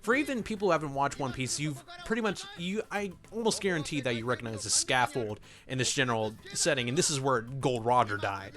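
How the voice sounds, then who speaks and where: Bright-voiced man rambling over gameplay. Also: medium pitch, animated, brisk, few pauses. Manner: rambling, self-correcting, laughs often. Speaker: let's play commentator. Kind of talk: casual gameplay commentary.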